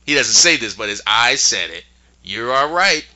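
Very bright-voiced man, lively retelling. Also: mid-range voice, normal speed, highs cut off. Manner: animated retelling with acted-out quotes. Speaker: podcast co-host recapping a show. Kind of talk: casual chat.

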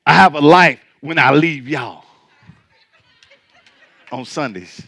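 A man's voice: fairly high pitch, takes it slowly, creaky, pushed and bright, dry recording. A male pastor preaching a sermon to his church, in a colloquial, joking way.

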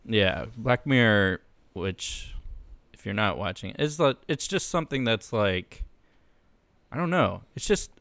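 A man's voice: fairly low pitch, lively intonation, a little slow, vocal fry, a bit bright, dry recording. A man co-hosting a podcast in easygoing casual chat, teasing his friend and laughing along. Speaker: podcast co-host.

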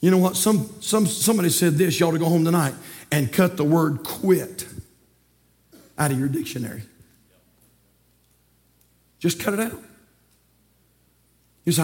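A pastor with a Southern US accent preaches from the pulpit, his voice sitting very high for a man. He moves between quiet, storytelling passages and ringing, emphatic calls to his church. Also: lively intonation, measured pace, long pauses. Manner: emphatic preaching that rises to shouts and drops low. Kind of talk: sermon with storytelling.

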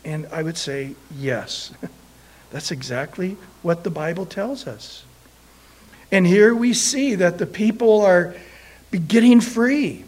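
A man preaching a sermon, telling a Bible story in an animated way and acting out the quoted voices of the people in it. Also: sits high.

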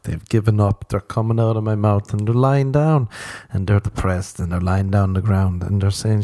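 A man's voice: fairly low pitch, moderate pace, warm tone. An Irish man hosting a solo comedy podcast, rambling and irreverent. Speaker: podcast host.

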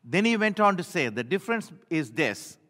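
Older male pastor, high animated voice, reverberant sanctuary, story-driven sermon. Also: normal speed. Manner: storytelling, swinging from loud to hushed. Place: church.

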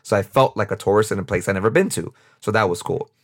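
Chatty New York man, low voice. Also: quick pace. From United States, New York. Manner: rambling, off-the-cuff, chatty, laughs often. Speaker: podcast host. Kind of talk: casual solo podcast monologue.

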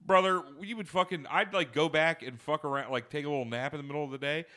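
A man's voice: fairly high pitch, fast, bright, forceful tone. A young man telling a rambling trip story in a casual podcast chat, swearing and laughing often. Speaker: podcast co-host.

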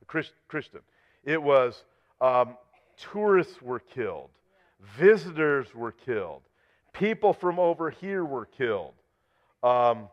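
Earnest male Bible prophecy preacher. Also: mid-range voice. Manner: earnest, rises loud when reading scripture aloud. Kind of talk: sermon-style teaching. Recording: slightly dull lo-fi audio.

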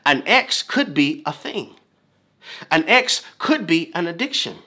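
A man's voice: fairly high pitch, big pitch swings, unhurried, pushed and bright. A man preaching a sermon, emphatic and repetitive, building phrases up in waves.

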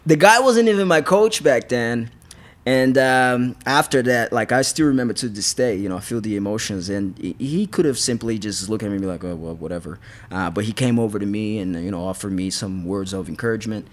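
Fairly low-pitched and a bit quick, this man is a fighter guesting on a podcast for a relaxed storytelling interview. He wanders through his tales, frequently restarts, and laughs often.

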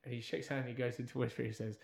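A man telling a long anecdote in casual chat, acting out the people in it and dropping to a hush for the quiet parts. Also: medium pitch, rapid-fire, vocal fry. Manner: animated storyteller, drops to hushed tones for quotes. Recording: roomy echo.

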